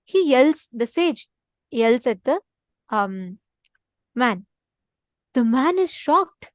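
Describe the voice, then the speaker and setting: Woman, high voice, dry close sound, earnest spiritual teacher who repeats her points. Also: very animated, drawn-out words, no room sound. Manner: earnest, repeats for emphasis, asks listeners to respond. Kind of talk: online teaching session with a story.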